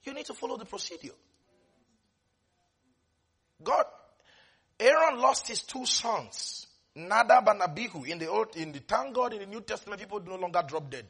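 Dramatic shouting male preacher. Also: high voice, animated, moderate pace, pauses often, slightly rough. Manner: dramatic, bursts into shouts and laughs. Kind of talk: sermon.

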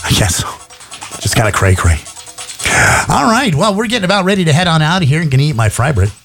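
A man's voice: fairly high pitch, big pitch swings, fast talker, vocal fry, fairly bright tone, faint music behind. Chatty male radio host, rambling. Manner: rambling, stumbling over words with fillers. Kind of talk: casual radio banter.

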